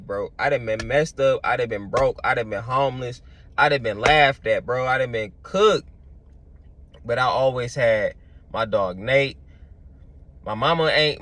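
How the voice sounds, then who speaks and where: A young vlogger tells stories in a loose, slangy monologue packed with fillers. His voice is medium-pitched and fairly bright, with no room sound.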